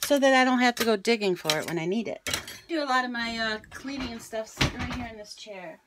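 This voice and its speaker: A middle-aged vlogger with a slight Southern accent and a fairly high voice talks fast, chatting casually with lots of ums. She tours her home kitchen on a handheld camera she moves around as she talks, with background noise behind her.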